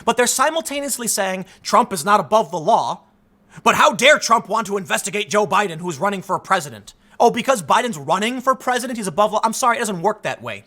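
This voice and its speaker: Male commentator, bright and edgy tone, lively swooping pitch, indignant rant delivery with stumbling restarts. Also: a little fast. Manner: emphatic and indignant, repeats words as he restarts. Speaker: political commentator, show host. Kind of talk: heated political commentary monologue.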